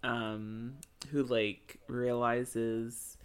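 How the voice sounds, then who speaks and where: A podcast co-host talks through an episode recap in a relaxed, casual way. The delivery is wry and joking, with exaggerated reactions to what the characters do. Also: medium pitch, drawn-out words, a crowd in the background.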